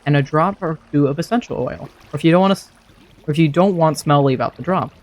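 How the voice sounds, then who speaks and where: A man's voice: on the high side, fast talker, darkish tone. A man streaming a modded game, chatting casually and thinking aloud to himself as he plays. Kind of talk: casual gameplay commentary.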